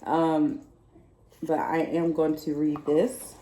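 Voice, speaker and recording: A woman from Texas, chatting excitedly and laughing as she opens gifts on her vlog. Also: low voice, takes it slowly, echoey room, slight background noise. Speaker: vlogger. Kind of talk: casual unboxing chat.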